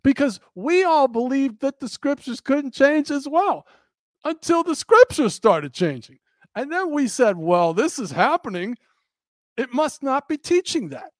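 A man with a high voice delivers an earnest monologue in a preacherly cadence. He repeats his key phrases for emphasis. The sound is dry and close. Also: sing-song, unhurried, no room sound. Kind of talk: impassioned monologue.

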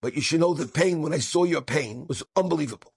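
A man voicing a gravelly, stern smuggler. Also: on the high side, fast. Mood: tearful confiding. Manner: threatening, later choked up. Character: stern male smuggler, secretly kind.

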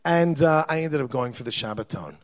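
A man, a father of young children, telling a personal story in an animated way, repeating words and acting out what others said. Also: medium pitch, a little fast. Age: adult, father of young children. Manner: lively, acts out quoted dialogue, repeats words when excited.

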